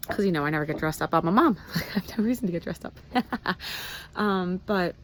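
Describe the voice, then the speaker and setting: A woman's voice: on the low side, lively intonation, brisk, slight background noise. A woman in her thirties talking candidly in a casual personal vlog, rambling with fillers and restarts. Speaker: vlogger.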